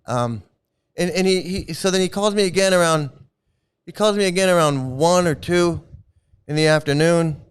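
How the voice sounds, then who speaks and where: A man's voice: on the high side, normal speed, clear, resonant tone. A man casually telling a personal story, rambling and chuckling often as he goes. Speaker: former member recounting his experiences.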